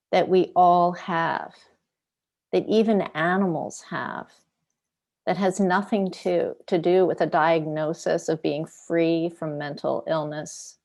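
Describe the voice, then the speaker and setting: A woman Buddhist teacher giving a slow, reflective dharma talk over an online video call, pausing often. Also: lowish voice, darkish tone. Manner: slow, reflective, with pauses and fillers.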